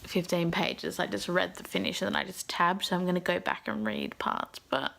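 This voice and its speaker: A woman's voice: fairly low pitch, steady tone, moderate pace, vocal fry, fairly bright tone, a little hiss or hum. A woman book vlogger reading a novel aloud and giving her emotional reactions, sighing and dropping to a half-whisper at times.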